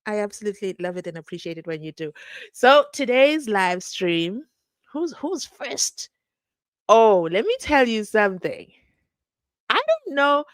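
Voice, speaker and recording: A young South African woman with a South African accent, hosting a live stream in a chatty, animated way and acting out the people she quotes. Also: mid-range voice, a little slow, dry recording. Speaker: host. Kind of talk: casual live-stream commentary.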